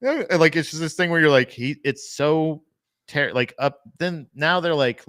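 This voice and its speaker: A man's voice: on the high side, normal speed, a bit bright, clean tone, dry recording, clean studio sound. A young adult man hosting a casual comedy chat, rambling, swearing a lot and laughing often. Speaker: podcast host.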